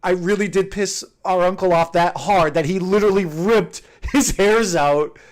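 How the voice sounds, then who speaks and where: Man, co-host, high voice, animated storytelling, casual chat. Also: normal speed.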